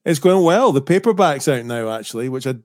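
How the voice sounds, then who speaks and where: Scottish guy chatting easy on a podcast, middle pitch, dry mic. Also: animated, brisk, dry recording. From Scotland. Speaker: guest author. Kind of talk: casual podcast chat.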